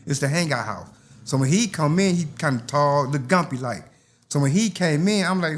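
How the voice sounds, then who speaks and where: A man's voice: a little high, lively intonation, moderate pace. An older man, telling stories from his youth in a casual interview and acting out the voices. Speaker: interview guest.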